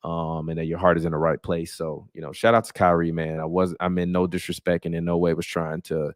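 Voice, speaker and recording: Male sports host, very low voice, dry close sound, casual and blunt to camera, lots of ums. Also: level tone, a little fast, no echo. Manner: candid, blunt, defensive, with frequent filler ums. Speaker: sports reporter and show host.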